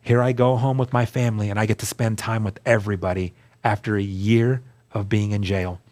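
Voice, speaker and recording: A man's voice: lowish voice, fairly even intonation, a little fast, a little mellow. Earnest man telling his testimony. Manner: earnest storytelling, acts out quoted dialogue. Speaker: guest sharing testimony. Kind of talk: personal testimony interview.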